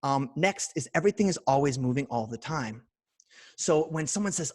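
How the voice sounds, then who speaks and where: A young man leads a live workshop over a video call, acting out both sides of an imagined dialogue and growing loud and emphatic. His voice sits a bit high. The sound is dry and close, with no room echo. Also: lively intonation, normal speed. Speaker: speaker leading a live online workshop. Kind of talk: animated teaching talk.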